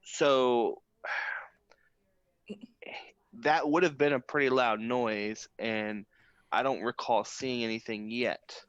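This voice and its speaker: A man's voice: mid-range voice, fairly even intonation, slow pace, pauses often, fairly bright tone, clear, resonant tone, no room sound, dull audio. A man playing a tabletop role-playing game in casual chat, talking thoughtfully with frequent restarts. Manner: thoughtful, hesitant, lots of restarts.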